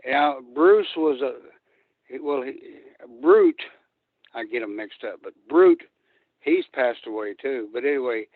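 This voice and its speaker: A man's voice: medium pitch, animated, measured pace, no echo. An older man calling into a show, telling rambling, profane road stories. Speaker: guest wrestler. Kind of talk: storytelling on a phone-in. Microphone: phone. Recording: tinny phone line.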